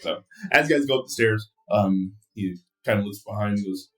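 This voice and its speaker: A man's voice: lowish voice, fairly quick, far from the mic, faint music behind. Man narrating as game master. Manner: relaxed, chatty narration with laughs.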